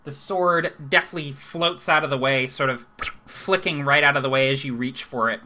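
A man running a live online tabletop game as game master, laughing easily and explaining rules in a relaxed way. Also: mid-range voice, moderate pace.

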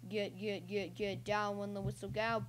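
Young woman, gameplay commentary, excitable, yelping and cheering, rambling, faint hum. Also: medium pitch, moderate pace. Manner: excitable, yelps and cheers mid-game, rambling. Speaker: gaming channel host.

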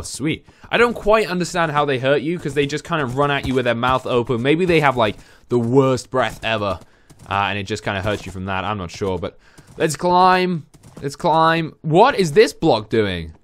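A young man talks his way through a video game, casual and rambling, with an ordinary mid-range voice. A faint hiss of noise sits under the recording. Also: a bit bright. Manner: chatty, jumps to high-pitched yelps when startled. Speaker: gaming channel host. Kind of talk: let's-play gameplay commentary.

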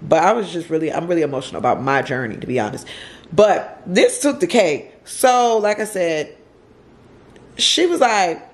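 A woman's voice: lowish voice, sing-song, moderate pace. A woman vlogger telling a story to camera from home in a casual, emotional way, repeating herself and using slang.

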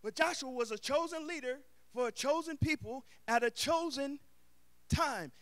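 A man preaching a sermon as the pastor of his church. He builds to shouted emphasis and calls out to the congregation, mixing casual street slang into his preaching. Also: very high-pitched, moderate pace.

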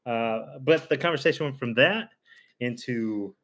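A man's voice: measured pace, fairly bright tone. A man hosting a casual live stream, chatting and laughing often with friends. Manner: laughing often, coaxing pets in a high voice.

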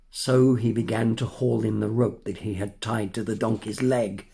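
Older man reading a storybook slowly. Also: mid-range voice, vocal fry. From England. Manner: measured, expressive. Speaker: narrator.

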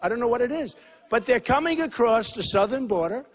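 An older man giving a campaign rally speech, repeating himself and swinging between loud shouts and low asides. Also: expressive, fairly quick. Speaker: political candidate at a rally. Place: school gym hall with a crowd.

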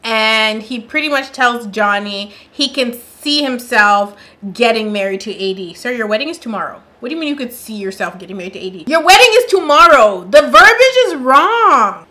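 A woman's voice: a little high, pushed and bright. A woman chatting casually as a reaction vlogger, sassy and playful, laughing often. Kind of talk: casual chat.

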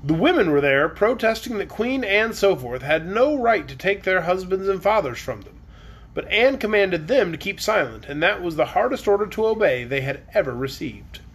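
A man's voice: sits high, big pitch swings, moderate pace, fairly bright tone, husky. A man reading a children's chapter book aloud on a live stream, with casual, chatty asides between chapters.

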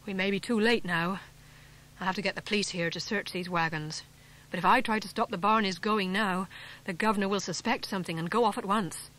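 A woman reading the part of a big, grim farmer in an audiobook, stern and deliberate in her own voice. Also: mid-range voice, fairly bright tone, natural voice, low-quality recording.

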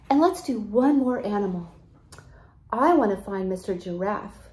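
A woman teaching young children, speaking in a sing-song way with exaggerated delight and slow, clear enunciation. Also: mid-range voice, very animated, mellow, reverberant. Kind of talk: children's lesson.

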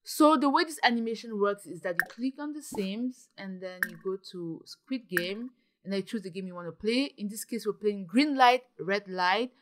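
A young woman giving dramatic, excitable commentary while playing a life-simulation game, often gasping and exclaiming. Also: mid-range voice, moderate pace. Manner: dramatic, gasps and exclaims, ends points with "okay?". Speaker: gaming YouTuber.

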